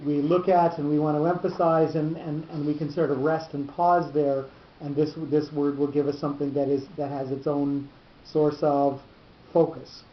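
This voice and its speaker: A teacher giving a lesson on cantillation notes, explaining slowly and often repeating words as he goes. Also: mid-range voice, roomy sound, dull audio. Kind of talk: lecture on cantillation.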